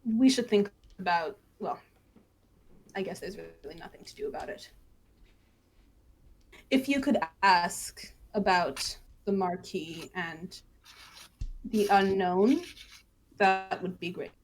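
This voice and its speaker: A woman voicing an orderly, businesslike woman clerk, speaking in a calm, matter-of-fact way. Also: medium pitch, takes it slowly, pauses often.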